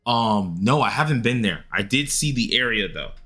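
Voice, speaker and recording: A young adult man chatting casually and rambling while he streams a game, leaping into high excited yelps. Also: moderate pace, faint music behind. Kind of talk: casual gaming stream chat.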